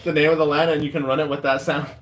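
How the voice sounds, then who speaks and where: A man's voice: a little high, flat delivery, racing, slight background noise. A man hosting a casual chat while opening card packs, rambling and reading card text aloud.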